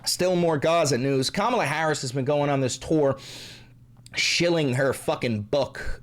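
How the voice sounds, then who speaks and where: A man hosting ranting political commentary, profane, angry and sarcastic, dropping to low asides and then shouting. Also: sing-song, unhurried. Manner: swings between low asides and raised shouting.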